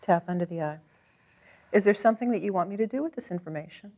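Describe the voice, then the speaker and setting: Calm encouraging woman coach. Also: medium pitch, fast talker. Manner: calm, encouraging, gently directive. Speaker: tapping coach. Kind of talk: guided coaching session.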